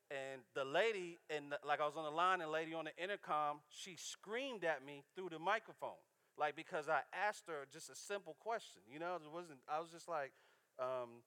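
Brief: male preacher, conversational and chatty, voice a bit on the high side, telling stories in church. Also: bright, forceful tone. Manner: casual, chatty, checks in with the congregation.

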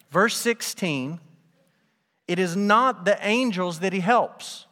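A man's voice: high-pitched, expressive, takes it slowly, pauses often, pushed and bright. A man preaching a sermon to his congregation, in a conversational style with rhetorical questions. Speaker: pastor. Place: church sanctuary. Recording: long hall reverb.

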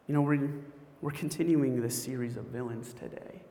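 A male pastor preaching a sermon in a conversational, storytelling way, with animated asides. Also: medium pitch, normal speed. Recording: echoey hall with long reverb.

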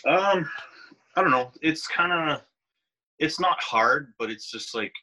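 A man's voice: a little high, lively intonation, slow, sharp tone, poor audio. A man being interviewed about his wrestling career, speaking loosely and hesitantly with many fillers. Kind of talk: casual interview talk.

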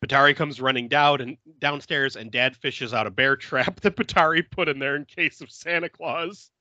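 A man hosting a podcast, recapping a film in a casual, animated way, laughing often and swearing freely. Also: medium pitch, moderate pace, no room sound, dull audio. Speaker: podcast host.

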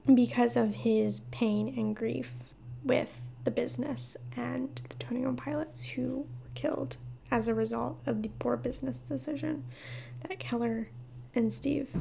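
A young woman hosts a solo podcast discussion, speaking slowly in a slightly high, mellow voice. Her tone has a gravelly fry, and her phrases keep fading into a breathy whisper. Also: a little hiss or hum. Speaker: podcast host.

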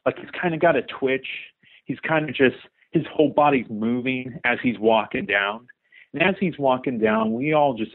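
A young man leaving a voicemail for a podcast, telling a story in an animated way. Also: mid-range voice. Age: young adult. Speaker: caller. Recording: tinny phone line.

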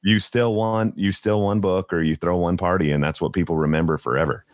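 A man with a very deep voice telling stories in a relaxed, casual podcast chat. The sound is close and dry, with no room echo. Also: fairly quick. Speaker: podcast co-host.

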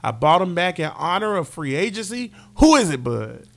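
A high-pitched man with a gravelly edge to his voice co-hosts a casual football podcast. He teases in loose, drawling slang and keeps the banter playful. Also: very animated, normal speed, fairly bright tone. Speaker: podcast co-host.

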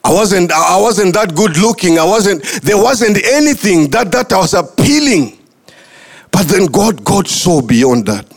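A man's voice: high-pitched, sing-song, unhurried. A man preaching a sermon as pastor, impassioned and sing-song, often repeating his words. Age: adult, married.

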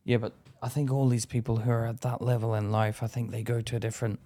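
A man co-hosting a podcast, chatting casually in a blunt, sweary way with quick stories. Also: medium pitch, level tone, dark tone. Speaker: podcast co-host. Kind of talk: casual chat.

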